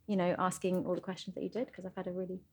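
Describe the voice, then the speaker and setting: A woman's voice: on the low side, level tone, very fast, a little mellow, husky. A woman who is a guest on a podcast, speaking in a friendly, earnest way and sometimes restarting her sentences. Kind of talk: casual interview chat.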